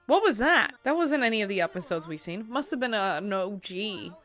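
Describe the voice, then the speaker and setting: A woman's voice: medium pitch, animated, fairly quick, a bit bright, soft background music. Chatty young woman reacting to a cartoon. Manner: chatty, amused, talks back to the screen with gasps and laughs. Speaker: reaction vlogger. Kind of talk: casual reaction commentary.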